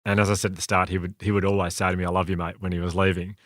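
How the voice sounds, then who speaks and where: A man's voice: deep voice, little pitch movement, a bit bright, dry recording, studio quality. A man co-hosting a podcast in casual chat, enthusiastic, often restarting his sentences. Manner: quick, self-correcting, enthusiastic. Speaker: podcast co-host.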